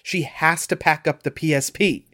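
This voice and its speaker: A man's voice: fairly high pitch, moderate pace, sharp tone. A man co-hosting a casual podcast, explaining a film's plot in a rambling way with many fillers. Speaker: podcast co-host. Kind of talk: casual movie-recap chat.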